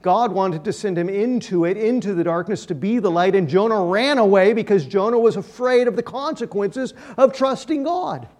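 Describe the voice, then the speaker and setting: A man with a high-pitched voice delivers a sermon from the pulpit. He preaches emphatically, his voice building to loud passages and then falling away to near quiet. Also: moderate pace, few pauses. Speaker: pastor.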